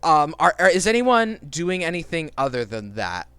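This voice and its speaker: Animated, bright-voiced male game master. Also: on the high side, moderate pace, clear, resonant tone, dry recording. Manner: rambling, animated, swears casually. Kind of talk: narrating a tabletop role-playing game. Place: home streaming setup.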